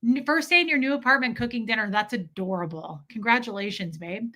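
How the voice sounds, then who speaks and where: A woman hosting a livestream, telling a personal story in a candid, animated way and breaking off now and then to greet viewers in the chat. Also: on the high side, fairly quick. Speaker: livestream host.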